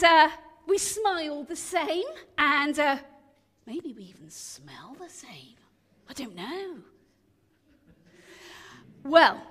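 A woman telling stories in a sermon to a church congregation, chatty and lively, asking her listeners questions as she goes. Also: high voice. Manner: animated, chatty, asks the audience questions. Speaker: preacher leading an all-age church talk. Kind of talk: storytelling sermon. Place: church hall. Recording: long reverb of a church.

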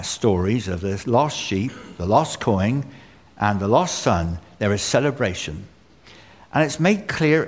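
A man preaching a sermon in an earnest way, often pausing with fillers and restarting phrases. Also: medium pitch. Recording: long hall reverb.

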